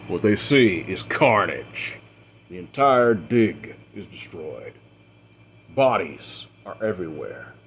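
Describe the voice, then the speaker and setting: A man acting as game master, narrating a tabletop role-play story in a measured, dramatic way with the odd filler. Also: sits low, expressive, a little hiss or hum.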